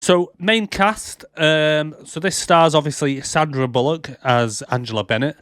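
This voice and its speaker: A man's voice: on the high side, measured pace, fairly bright tone, no room sound. Rambling man, dry sound. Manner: rambling with many fillers. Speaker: podcast co-host. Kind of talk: casual chat.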